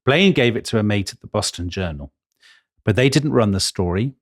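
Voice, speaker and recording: A man co-hosting a history podcast, telling the story with emphatic, animated delivery. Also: moderate pace, dry recording, studio quality. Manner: animated, emphatic, jumps in pitch for stress. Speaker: podcast co-host.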